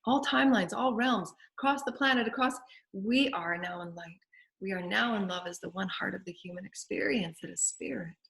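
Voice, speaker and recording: A woman's voice: mid-range voice, normal speed, gravelly, a bit bright. A woman with a Southern US accent hosting a spiritual show, leading guided affirmations and prayer in a repetitive, incantatory way.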